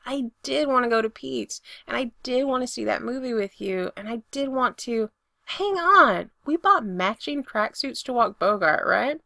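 A woman's voice: a little high, expressive, moderate pace, gravelly, sharp tone, no echo, clean studio sound, exaggerated voice. A woman reading aloud, voicing a blunt, exasperated young man in love in a storybook romance.

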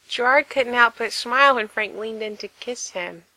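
Woman narrator, bright tone, slow intimate read-aloud of a romance story. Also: fairly high pitch, no echo, poor audio. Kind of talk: reading fan fiction aloud.

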